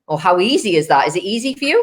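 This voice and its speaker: A woman's voice: mid-range voice, very animated, racing. A woman hosting an interview, asking questions eagerly and tripping over repeated words as she builds each one. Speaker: interview host. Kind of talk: casual interview conversation.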